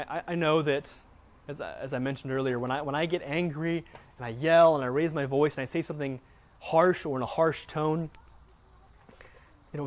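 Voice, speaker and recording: A middle-aged man teaching earnestly on faith, often repeating words as he speaks. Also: mid-range voice. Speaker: Christian teacher.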